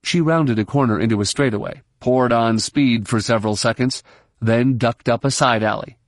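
In a dry, clean studio recording, a man with a medium-pitched voice reads audiobook narration from a script, keeping a steady, measured delivery.

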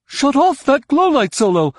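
A man voicing a bold male alien fighter who scolds and shouts in high, strained bursts, read as an audiobook character voice. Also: sing-song, normal speed, dry recording, studio quality. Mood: scolding.

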